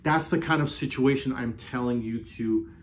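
A man hosting a self-help video, talking earnestly in a casual motivational way, often repeating himself and slowing down on key phrases. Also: mid-range voice, a little hiss or hum. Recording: roomy echo.

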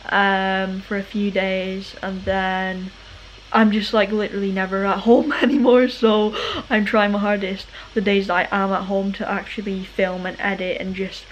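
A woman's voice: mid-range voice, little pitch movement, measured pace, slight background noise. Giggly girl vlogging, kinda dull lo-fi audio. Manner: bubbly, giggly, chatty. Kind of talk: casual vlog chat.

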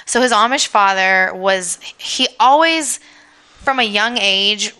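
A woman co-hosting a podcast, casually inventing a mock biography with playful deadpan storytelling. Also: mid-range voice, unhurried, clear, resonant tone. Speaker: podcast co-host. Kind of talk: improvised comedic chat.

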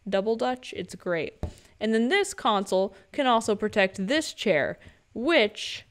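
A woman's voice: medium pitch, very animated, unhurried. A young woman talking casually through a gameplay tutorial voice-over, chatty and joking, with playful asides. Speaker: game guide creator.

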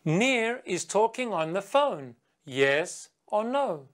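A female teacher delivers an English lesson to kids on video, slow, clear, and patient. She tests them with quiz questions and chants with the class, lifting into a higher, lively singing voice.

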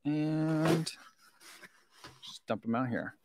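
A vlogger with a fairly high-pitched male voice unboxes and tastes a snack, chatting casually, giggling now and then, and talking between bites. He draws out his words, his tone is darkish, and there's slight background noise.

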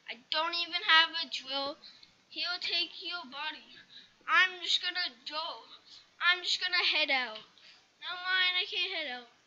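A woman with a high voice commentates her own gameplay at an unhurried pace. She sounds exasperated, muttering quietly to herself and then breaking into loud complaints. Her tone is bright and sharp. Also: muffled recording. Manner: exasperated, muttering to self between loud outbursts. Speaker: gaming channel host. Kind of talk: let's-play commentary.

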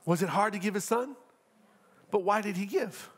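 A middle-aged man pastor preaching a sermon, animated, asking the crowd rhetorical questions and acting out quotes. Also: high voice, moderate pace.

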